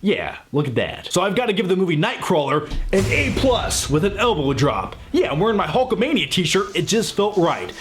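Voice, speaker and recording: Guy reviewing a movie on his channel, voice a bit on the high side, chatty and rambly, swears casually. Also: very animated, normal speed, few pauses, over music.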